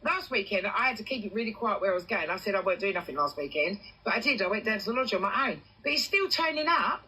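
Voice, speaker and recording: An English woman on a casual livestream, telling a personal story in animated bursts and swearing freely. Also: medium pitch, quick pace, husky, poor audio. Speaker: TikTok livestreamer.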